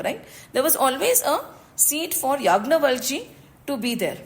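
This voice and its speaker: A woman's voice: high voice, creaky, rough recording. A woman with an Indian English accent teaching and telling a scripture story, mixing in Hindi phrases and often checking with listeners. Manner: expressive storytelling, asks listeners "right?". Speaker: spiritual teacher.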